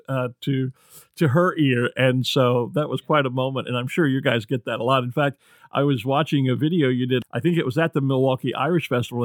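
A man's voice: mid-range voice, no echo, clean studio sound. An American man hosting an interview, chatty and friendly, asking questions and telling side stories. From United States. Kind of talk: casual interview.

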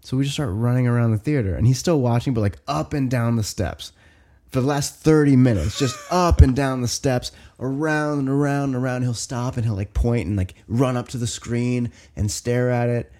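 A man in his thirties with a mid-range voice tells a long story on a podcast. His delivery is animated and loose, packed with "like" and casual swearing. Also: medium pitch, normal speed. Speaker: podcast co-host. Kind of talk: casual chat.

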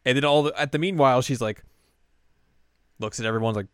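Man, casual chat co-host, animated retelling, smooth voice, dry close sound. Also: fast, long pauses, dry recording. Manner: animated retelling, pitching up for quoted characters. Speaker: podcast co-host. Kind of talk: casual chat recapping an anime.

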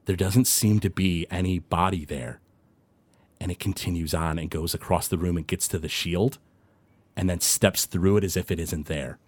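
A man narrating a tabletop game as game master and show host, dramatic and hushed for suspense. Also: sits low, fairly even intonation, normal speed, no room sound.

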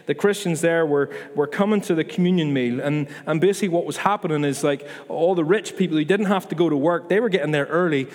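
Guy preaching, chatty and earnest, bit high, big echoey church. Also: darkish tone. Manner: earnest, conversational preaching with restarts and asides. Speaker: pastor. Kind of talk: sermon. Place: church hall. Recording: long hall reverb.

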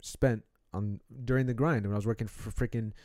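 A man hosts a live streamed podcast, chatting loosely and full of slang. His voice is mellow and warm. The sound is dry and close on the mic. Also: lowish voice, fairly quick, no echo. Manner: loose, animated, slangy, swears. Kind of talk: casual live podcast chat. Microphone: streaming microphone.

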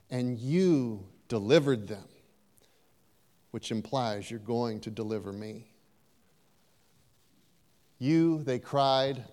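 A man's voice: medium pitch, long reverb tail. A man preaching a sermon in a church, talking conversationally and turning to the congregation now and then. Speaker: pastor. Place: church sanctuary.

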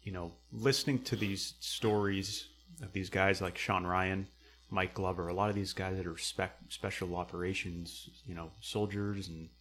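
A young man telling stories in casual conversation, rambling with many fillers and acting out quotes loudly. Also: deep voice, fairly even intonation, normal speed, soft background music.

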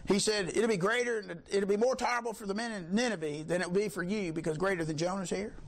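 A man preaching a sermon, fiery, swinging from low talk to high shouts. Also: fast talker.

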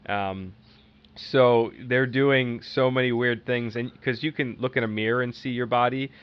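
A man's voice: mid-range voice, steady tone, normal speed, clean tone. A man co-hosting a casual podcast chat, rambling and using many fillers. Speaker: podcast co-host. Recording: dull lo-fi audio with faint hiss.

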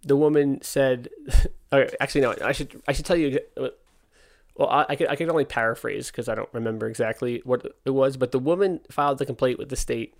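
A young man, a podcast host, telling a story in casual, candid talk, exasperated, and acting out the dialogue. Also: mid-range voice. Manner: candid, exasperated, acts out dialogue in quick quotes. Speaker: podcast host, skate park owner.

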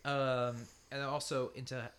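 A man playing in a tabletop role-playing game on a podcast, talking in a rambling, animated way and laughing often. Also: mid-range voice, moderate pace. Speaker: podcast guest player. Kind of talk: casual tabletop role-play chat.

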